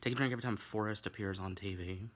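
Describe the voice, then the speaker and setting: A man's voice: on the low side, steady tone, quick pace. A man from Tennessee, hosting a camp, rambling, crude comic drinking-game video from his bedroom. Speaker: vlog host. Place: bedroom at home.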